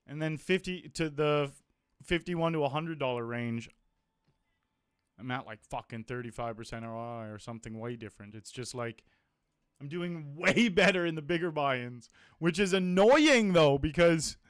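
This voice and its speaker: A man streaming online poker, chatting casually about his hands and results, blunt, self-mocking and quick to swear. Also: medium pitch, a bit bright, smooth, no echo, clean studio sound. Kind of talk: casual live-stream commentary.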